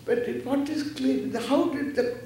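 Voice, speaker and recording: This Indian Vedanta teacher in his 70s speaks at a normal speed in a very high-pitched, dark voice with a steady tone. Playful throughout, he acts out small dialogues and laughs as he lectures on scripture, captured by a distant mic in an echoey hall with faint background noise.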